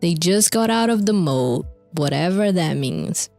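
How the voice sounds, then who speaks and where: A woman's voice: lowish voice, lively intonation, unhurried, vocal fry, mellow, soft background music. A young woman streamer casually recapping concert lore, rambling with fillers, swearing and laughing often. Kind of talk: casual chat over video clips.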